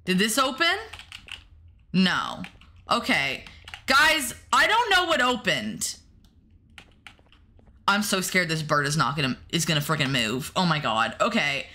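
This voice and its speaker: A woman's voice: fairly low pitch, very animated, a little slow, long pauses, sharp tone. A woman streamer playing a horror game, chatting to her viewers and yelping when startled. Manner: jumpy, talks to the chat and the game, yelps when startled. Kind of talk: casual gameplay commentary to chat.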